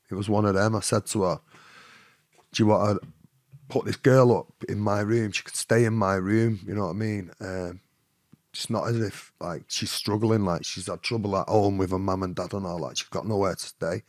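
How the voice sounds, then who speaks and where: A man's voice: on the low side, fairly even intonation, moderate pace, no room sound, studio quality. A man with a Mancunian accent, a podcast guest telling a rambling story full of fillers and "you know what I mean". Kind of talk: storytelling in an interview.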